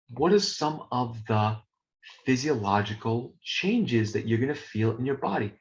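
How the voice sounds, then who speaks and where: A man teaching a live online lecture as a professor, playful and animated, talking to the chat. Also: measured pace. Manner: animated, playful, talks to chat, swings pitch. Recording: dull lo-fi stream audio.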